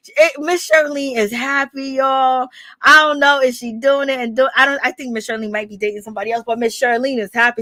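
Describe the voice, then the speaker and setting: A woman casually recapping reality TV gossip, telling it in an animated, slangy way and laughing often. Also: on the high side, no echo, studio quality.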